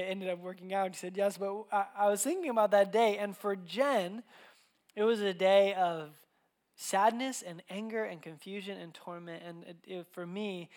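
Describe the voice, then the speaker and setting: A young man preaching a sermon, telling personal stories in an animated, conversational way with frequent restarts. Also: high-pitched.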